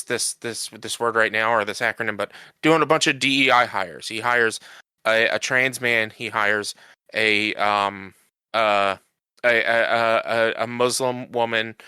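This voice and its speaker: A man co-hosting a casual podcast, recapping a show in a rambling way full of fillers and restarts. His voice is bright and crisp, recorded close and dry. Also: medium pitch, dry recording. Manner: rambling recap with many fillers and restarts, acting out quoted lines. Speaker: podcast co-host. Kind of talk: casual chat.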